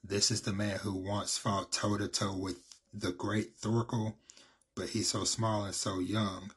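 A man reading the lines of a formal, admiring male royal guard in his own low, husky voice. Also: level tone, unhurried.

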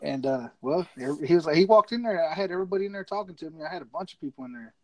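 A man's voice: a little high, lively intonation, racing, low-quality recording. A man telling a rowdy, profanity-laced story in casual chat.

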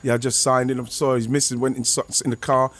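A former footballer, telling a rambling, excitable anecdote over a remote call. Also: male voice, mid-range voice, quick pace. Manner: rambling, excitable, many restarts and fillers. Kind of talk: casual anecdote on a podcast.

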